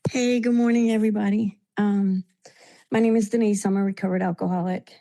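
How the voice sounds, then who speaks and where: New lady on a video call, emotional and grateful, mellow voice. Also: medium pitch, fairly even intonation, fairly quick, vocal fry. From New York. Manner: heartfelt, tearful at times, grateful. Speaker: meeting participant. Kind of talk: emotional sharing in a recovery meeting.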